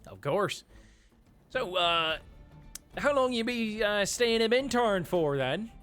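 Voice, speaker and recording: A man voicing a friendly harbor dockhand in a tabletop game, unhurried and rambling. The voice is bright and forceful, the delivery slow. Soft music plays underneath. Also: high voice, expressive, pitched above the performer's own voice, exaggerated voice. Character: male dockhand of a neutral island port, chatty.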